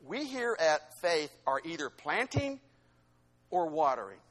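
Man, high voice, preaching, emphatic, loud then soft. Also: very animated, a little slow. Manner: emphatic, swings between loud exhortation and quiet asides. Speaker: pastor. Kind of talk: sermon.

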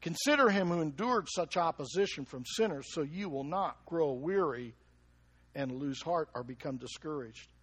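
A man preaching a lively sermon, who keeps asking the congregation questions and chuckles between points. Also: a little high, moderate pace, husky. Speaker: pastor.

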